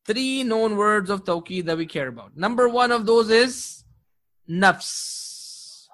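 Teaching Arabic grammar in a classroom, a man explains terms in English and checks in with students again and again, asking "right?" and "correct?" He recites Quranic verses quickly in Arabic. His voice sits high and is a bit bright, with lively intonation.

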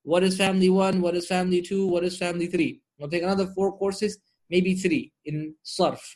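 A man's voice: sits high, fairly even intonation, brisk, a little mellow. A man teaching Arabic grammar online, drilling word forms and checking in with his students often.

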